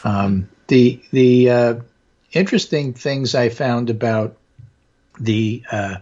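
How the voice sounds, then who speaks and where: A man hosting a political talk show with a hoarse voice, talking casually and discursively with many fillers. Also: mid-range voice, slow, mellow, muffled recording. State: hoarse from allergies.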